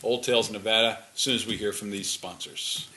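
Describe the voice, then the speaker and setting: A man's voice: fairly low pitch, steady tone, a little fast, sharp tone, a little hiss or hum, rough recording. A man hosting a casual interview show, easygoing, with teasing asides. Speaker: talk show host.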